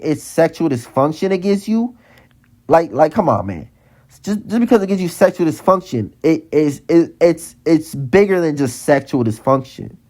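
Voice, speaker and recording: A man's voice: fairly high pitch, darkish tone. Heated ranting man, repeating himself. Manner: heated, repetitive, stammering restarts. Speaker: vlogger. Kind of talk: ranting monologue.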